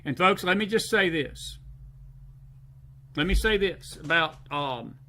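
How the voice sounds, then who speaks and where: A Southern American man hosts a late-night live stream with a high, forceful voice. He talks emphatically and keeps repeating short phrases for stress. His tone stays bright and tense as he answers his viewers' comments. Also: lively intonation, takes it slowly. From Southern United States. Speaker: host.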